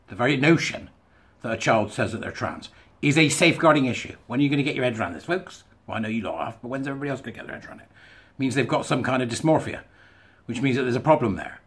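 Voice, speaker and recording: A man hosting his own channel, reading a news article aloud and commenting on it in a blunt, sarcastic and animated way. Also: mid-range voice, fast.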